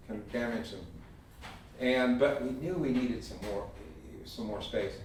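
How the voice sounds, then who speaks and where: A man telling a lively, folksy story in a talk, acting out the voices of the people in it. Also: mid-range voice, slight background noise. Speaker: speaker giving a talk. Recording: echoey hall, heard from a distance.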